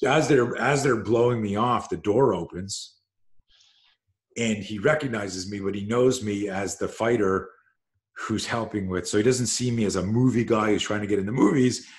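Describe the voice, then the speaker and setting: A man from Canada telling a story on a video call, lively and swearing, acting out what people said. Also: lowish voice, normal speed. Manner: animated, swears, acts out quoted speech. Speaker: self-defense coach and host.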